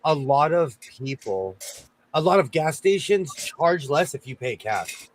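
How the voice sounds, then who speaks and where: A man's voice: fairly high pitch, lively intonation, unhurried, slight background noise, rough recording. A man hosting a sewing show, chatting casually in a playful, teasing way and laughing often. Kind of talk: casual chat.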